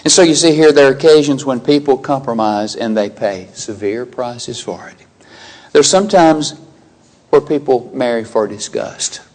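A man preaching a sermon, emphatic and animated, acting out biblical characters' lines in quoted dialogue. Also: medium pitch, normal speed.

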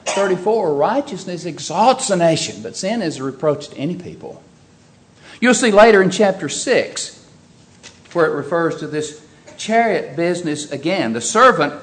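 A male preacher delivering a sermon in a slightly raised voice. He presses his points with repeated rhetorical questions and lets his volume rise and fall. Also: sits high. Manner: earnest, rhetorical questions, varying loudness.

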